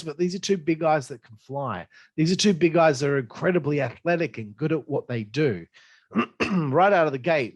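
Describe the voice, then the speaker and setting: A man giving a blunt, profanity-heavy solo review of a wrestling show, excitable and opinionated. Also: mid-range voice, no echo. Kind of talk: casual solo review monologue.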